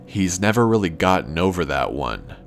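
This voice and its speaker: A man calmly narrating a first-person horror story in a measured, scripted way. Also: sits low, creaky, faint music behind.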